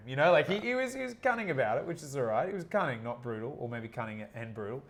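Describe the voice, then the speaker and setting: A man hosting a casual livestream chat, animated and joking, reading out viewer comments as he goes. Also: medium pitch, quick pace, hardly any pauses. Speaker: livestream host.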